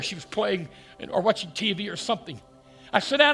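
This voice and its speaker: A man telling a personal story in a dramatic way, moving between hushed lines and loud ones. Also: high-pitched, animated, brisk, creaky, breathy edge, faint music behind. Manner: dramatic, swings from hushed to shouting. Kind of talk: storytelling talk.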